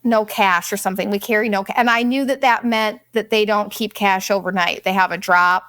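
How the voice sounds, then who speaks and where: A woman's voice: medium pitch, fairly even intonation, a little fast, a bit bright, no room sound, clean studio sound. A middle-aged woman telling candid, profane stories in a casual chat, often putting on voices to quote people. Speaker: vlogger. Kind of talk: casual storytelling monologue.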